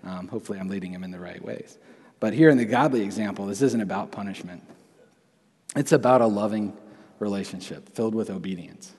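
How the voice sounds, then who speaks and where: Man, young adult, preacher, conversational sermon, husky, reverberant hall. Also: on the low side, fairly quick, darkish tone. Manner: conversational, many restarts and asides.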